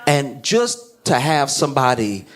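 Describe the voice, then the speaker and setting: A man performing stand-up comedy and telling a long story with lots of energy, breaking into other people's voices along the way. His pitch sits in a middle range, and there is a clear layer of noise and room ambience behind him. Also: unhurried. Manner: animated, acts out voices, laughs through lines.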